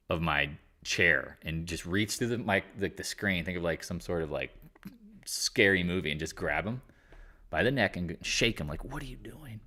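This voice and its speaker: A man's voice: deep voice, sharp tone. A man hosting a casual live market chat, talking in a blunt, rambling and exasperated way. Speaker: market commentary host.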